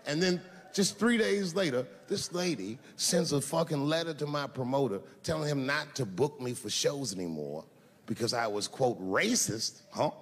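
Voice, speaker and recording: Lively stand-up man in a big hall. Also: normal speed, breathy edge. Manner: loose storytelling, swings from low mutters to shouted punchlines. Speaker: stand-up comedian. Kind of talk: stand-up comedy set. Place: large theater stage with a laughing audience. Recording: live stage sound in a big reverberant hall.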